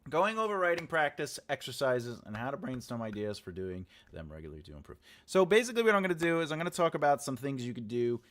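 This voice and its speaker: Very animated, quick-paced, and barely pausing, a man speaks at a medium pitch with a slightly bright tone. He is the teacher hosting a live writing class, chatting and joking casually, rambling with lots of filler sounds, and reading out chat comments to answer them.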